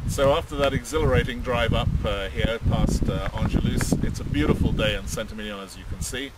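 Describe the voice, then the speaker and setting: A man's voice: mid-range voice, brisk. Hesitant Englishman filmed outdoors in wind. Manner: hesitant, many fillers and restarts. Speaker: vineyard host presenting. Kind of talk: casual outdoor video update. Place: outdoors in a vineyard. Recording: distant mic outdoors, loud wind and traffic.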